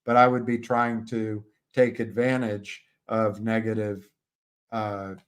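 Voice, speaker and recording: A man hosting a live stream, giving halting, casual commentary on stock charts and talking to his viewers by name. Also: lowish voice, little pitch movement, clean tone. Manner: halting, restarts mid-phrase, talks to viewers by name.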